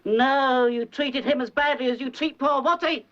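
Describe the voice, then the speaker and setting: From a dull 1970s film soundtrack with faint hiss comes a fussing older mother, overbearing, nagging and gossipy, who poses as a psychic and rambles theatrically. The performer's voice sits high, a bit bright, at normal speed.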